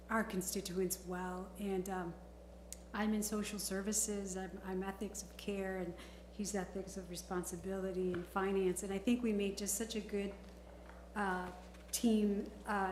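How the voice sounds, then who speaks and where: Chatty woman in a roomy chamber. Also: medium pitch. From Chicago. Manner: warm, chatty, laughing often. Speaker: village trustee. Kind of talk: board meeting remarks. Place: council chamber. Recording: roomy chamber audio, faint noise.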